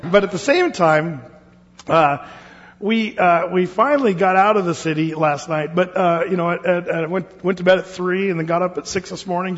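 A pastor from Oregon leading a Bible study in a church hall, talking casually with many fillers and restarts. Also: male voice, sits high. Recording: dull lo-fi sound with long hall reverb.

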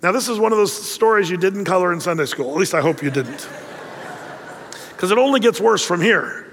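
A middle-aged male pastor delivers his sermon like a casual storyteller, sliding wry jokes into the scripture. His voice sits fairly high for a man. The sound rings with the long reverb of a sanctuary. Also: expressive, brisk, a bit bright, slight background noise. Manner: conversational storytelling with joking asides.

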